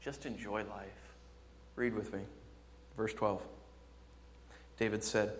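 A man preaching a sermon, jumping from loud, excited exclamations to quiet, low emphasis. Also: slow, long pauses, slight background noise. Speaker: pastor. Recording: long hall reverb.

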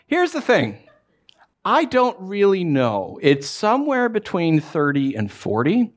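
A man delivers a sermon as a pastor, his voice sitting a bit higher than most men's. He talks in a loose, conversational way, pokes fun at himself and hammers points home with repeated phrases. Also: wildly swooping pitch, a little slow. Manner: conversational and playful, with self-deprecating humor; emphatic repetitions.

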